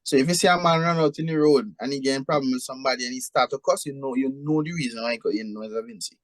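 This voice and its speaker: A man with a Vincentian accent, talking as a guest in an interview. He speaks in a relaxed, easygoing way and keeps dropping "you know" into his sentences. The sound is dry and close, with almost no room echo. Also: medium pitch, very fast. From St. Vincent and the Grenadines (Union Island). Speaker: guest, music producer. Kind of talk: casual interview talk.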